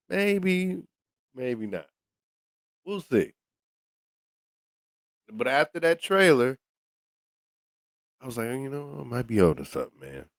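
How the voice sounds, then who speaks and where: A man's voice: dry recording, clean studio sound. A man hosting a podcast, talking casually with many restarts and repeated words. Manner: stammering restarts, lively pitch swings. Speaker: podcast host. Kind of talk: casual commentary.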